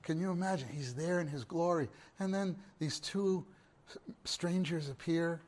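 A man with a fairly high voice preaches a sermon at a slightly slow pace, moving between hushed murmurs and loud, ringing exclamations. He repeats phrases for emphasis and keeps asking his listeners questions.

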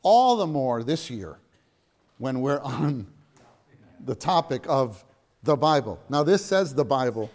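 A man's voice: medium pitch, very animated, slow pace, pauses often, a little mellow. A middle-aged man teaching a church lesson to a gathering, earnest and repeating phrases for emphasis.

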